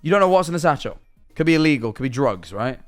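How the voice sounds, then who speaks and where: A man's voice: mid-range voice, very animated, quick pace, soft background music. A young man chatting on a live stream, rambling through absurd hypotheticals and answering his chat. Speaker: livestreamer.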